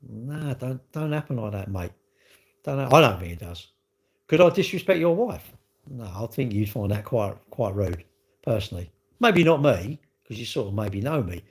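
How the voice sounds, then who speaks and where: A man talking casually to viewers on a livestream, rambling and repeating himself in a defensive way. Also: a little high. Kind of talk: casual live chat to viewers.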